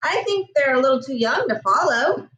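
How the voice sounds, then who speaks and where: A woman's voice: high-pitched, lively intonation, normal speed, fairly bright tone, a little hiss or hum. A woman voicing a friendly middle-aged male station master in a storybook reading, kindly and folksy. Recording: roomy echo, distant mic.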